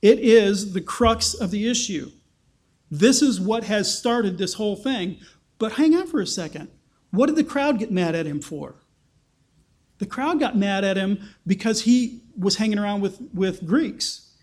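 A man's voice: high voice, lively intonation, unhurried, darkish tone. A man teaching scripture in a sermon, conversational, thinking aloud with restarts and acting out quoted lines with emphasis. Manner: acts out quotes with rising emphasis. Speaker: pastor. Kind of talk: sermon-style Bible teaching.

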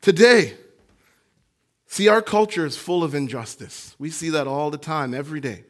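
A man preaching a sermon as pastor, impassioned, swinging from hushed, quiet lines to near-shouting. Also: a little high, animated, fairly quick.

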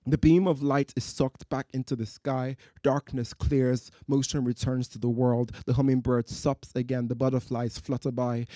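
A man from West Africa, a poet and storyteller, performing live in a festival tent with measured, rhythmic, vivid delivery. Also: medium pitch, dark tone, no room sound, studio quality. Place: night-time festival marquee.

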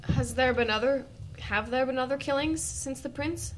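A woman's voice: high-pitched, moderate pace. A woman playing a tabletop game in character, speaking in a hesitant, polite way. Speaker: player.

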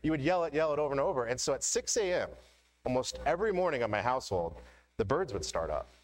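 A man's voice: medium pitch, sing-song, quick pace, rough recording. Conversational middle-aged male pastor. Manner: conversational, storytelling, frequent "right?" asides. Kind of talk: sermon.

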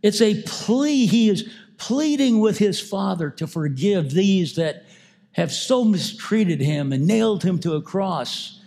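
Male pastor, sermon delivery, unhurried and warm-toned. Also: high voice, lively intonation, creaky. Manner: slow, emphatic preaching with repeated phrases.

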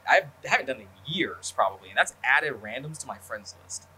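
Bright-voiced man in rambling casual chat. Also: mid-range voice, very animated, a little fast, slightly rough. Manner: rambling, profane, lots of fillers. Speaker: podcast host.

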